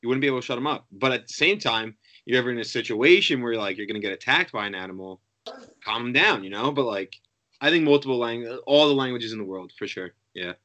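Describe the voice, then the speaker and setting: A man's voice: mid-range voice, expressive, fast talker, bright, forceful tone. A young man in a casual chat with friends, swearing often and trailing off mid-sentence.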